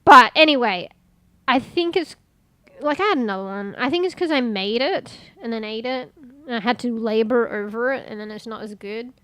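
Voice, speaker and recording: A woman's voice: on the high side, moderate pace, sharp tone, no echo. A woman, chatting casually and rambling while streaming, swearing offhand and sounding congested.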